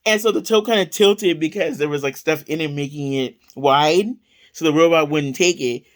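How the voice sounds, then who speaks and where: A woman's voice: low voice, normal speed. Giggly, rambling woman vlogging from home. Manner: rambling, giggly, lots of fillers. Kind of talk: casual chatty haul vlog.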